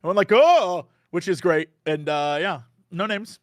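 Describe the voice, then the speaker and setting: A man, a podcast guest, chatting casually and telling animated stories, acting out quotes and laughing often mid-sentence. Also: fairly high pitch, normal speed, dry recording, clean studio sound.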